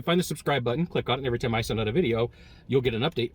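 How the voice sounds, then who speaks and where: Animated man teaching sales. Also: medium pitch, racing, breathy edge. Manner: animated storytelling, acting out customer quotes. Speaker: sales trainer. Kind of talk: casual spoken sales lesson.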